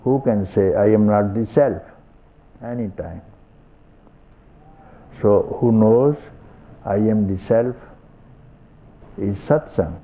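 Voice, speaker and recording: An older man with an Indian English accent giving a slow, repetitive satsang talk as a spiritual teacher, often chuckling softly. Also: on the low side. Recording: tinny lo-fi archival tape.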